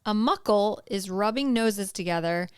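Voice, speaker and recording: A woman co-hosting a podcast, with a very smooth and crisp voice. She chats casually and reads listener notes aloud, laughing easily. The sound is dry and close to the mic. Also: mid-range voice, lively intonation, moderate pace, a little mellow, dry recording. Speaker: podcast co-host. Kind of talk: casual chat reading listener comments.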